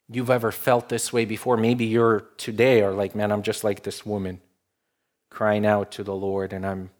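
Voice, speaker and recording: A man preaching a sermon in a conversational way, building to emphatic stretches. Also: fairly low pitch. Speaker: pastor.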